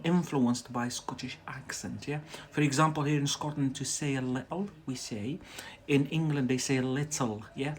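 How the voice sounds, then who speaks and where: A man from Algeria teaching an English lesson on a live stream, in a chatty way that answers viewers' questions and asks "yeah?" often. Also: medium pitch.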